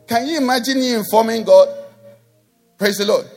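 High, gravelly pastor preaching. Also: male voice, moderate pace, pauses often, darkish tone, faint music behind. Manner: emphatic, call-and-response preaching. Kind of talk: sermon.

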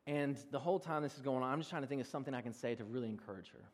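A young male pastor preaching a sermon, telling self-deprecating personal stories in an animated way with frequent laughs. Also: medium pitch, racing. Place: large church hall. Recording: long reverb of a church hall.

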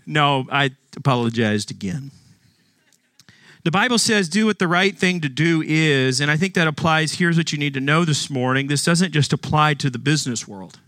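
Close to a dry microphone with no room echo, a male pastor preaches a sermon in a bright, forceful, slightly high voice with lively intonation. He tells conversational stories with humor and slows down to emphasize key lines.

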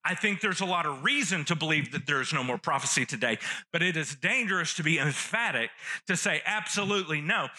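Male pastor, sermon delivery, very bright tone, slightly high voice, earnest repetition. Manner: earnest teaching, repeats key phrases.

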